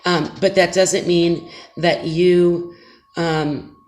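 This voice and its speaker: A woman giving a casual tarot reading to her viewers, speaking gently and soothingly with many fillers and check-ins. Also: on the low side, fairly even intonation, extremely slow, faint music behind. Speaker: tarot reader. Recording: echoey room with faint noise.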